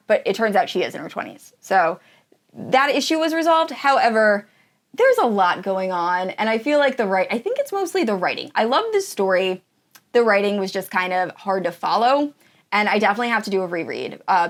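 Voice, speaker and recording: A woman chats about books she loves in an easygoing, unscripted way. She gushes with enthusiasm and leans on casual fillers as she goes. Her voice sits at an ordinary pitch for a woman. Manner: gushing and enthusiastic, with many fillers. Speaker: book reviewer. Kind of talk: casual tier-ranking chat.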